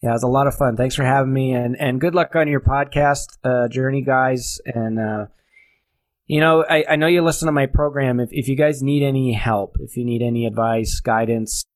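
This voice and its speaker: A man from New Hampshire, a race director, chatting casually as a podcast guest, swearing freely and often pausing with fillers. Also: mid-range voice, fairly even intonation, no room sound. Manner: laid-back, swears casually, halting fillers.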